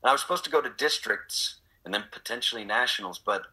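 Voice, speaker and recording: A man's voice: lowish voice, fast talker, breathy edge, poor audio. A middle-aged man from Texas, chatting in an interview and acting out voices as he tells stories. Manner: animated storyteller, acts out quotes. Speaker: actor guest. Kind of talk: casual interview chat.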